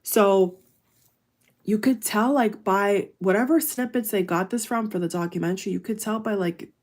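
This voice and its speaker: A woman's voice: medium pitch, moderate pace. A woman chatting casually to her viewers on a live stream at home at night, effusive and full of fillers, talking into wireless earbuds. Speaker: YouTuber doing a live reaction.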